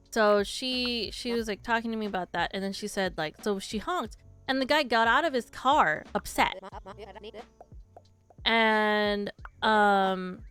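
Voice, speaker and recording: Rambling young woman streamer, smooth voice. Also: mid-range voice, fairly bright tone. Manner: rambling storyteller, many fillers and restarts. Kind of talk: casual chat to stream viewers while gaming.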